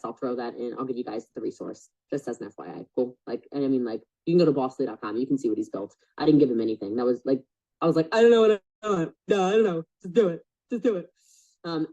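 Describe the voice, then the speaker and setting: A woman's voice: sits low, warm tone. A woman coaching a group on a call, chatty and blunt with lots of fillers. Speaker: business coach. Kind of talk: casual coaching call talk. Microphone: video call. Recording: dull lo-fi call audio.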